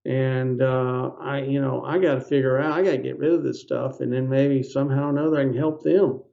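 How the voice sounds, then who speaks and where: A man's voice: medium pitch, fairly even intonation, a little fast, gravelly, warm tone. An older man, a podcast guest, telling a long personal story in a rambling way and acting out the dialogue of the people in it. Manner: rambling, acts out quoted dialogue. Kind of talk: anecdotal storytelling. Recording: dull lo-fi audio.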